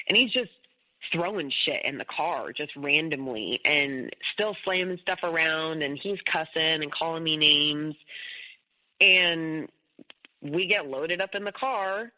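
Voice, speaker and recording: Bright-voiced woman telling her story. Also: low voice, low-quality recording. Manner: rambling, emphatic, full of "like" and restarts. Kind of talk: personal storytelling.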